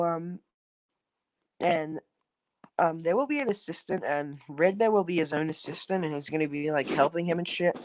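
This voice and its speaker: A man's voice: a little high, poor audio. A young man on a phone in an online call, retelling a story in a loose, rambling way, with many restarts, fillers and casual swearing.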